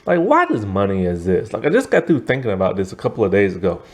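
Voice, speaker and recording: A man's voice: fairly low pitch, wildly swooping pitch, quick pace. Worn-out, rambling man. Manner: rambling, chatty, full of asides and fillers. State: tired and yawning. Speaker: TV show reviewer. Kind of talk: casual spoken review.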